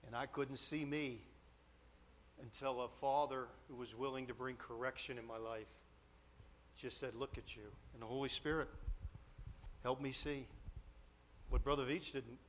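A man's voice: medium pitch, steady tone, normal speed, pauses often, a bit bright, a little hiss or hum. A man preaching a storytelling sermon, confessional and emotional, with self-deprecating humor.

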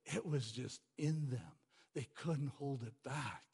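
A man preaching a sermon with passion, repeating phrases for emphasis and swinging between loud exclamations and quiet stress. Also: medium pitch, slow, husky. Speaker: pastor.

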